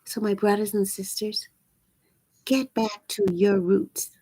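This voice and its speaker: Raspy woman preaching slowly. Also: medium pitch, little pitch movement, mellow, dry recording. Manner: earnest, preachy, repeats phrases for emphasis. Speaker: channel host. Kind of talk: live-streamed spiritual talk.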